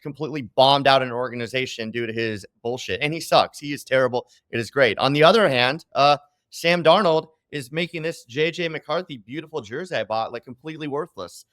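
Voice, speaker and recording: A man's voice: medium pitch, brisk, fairly bright tone, no echo. Fired-up ranting man, dry sound. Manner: heated, profane rants. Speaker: co-host, sports bettor. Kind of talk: sports podcast rant.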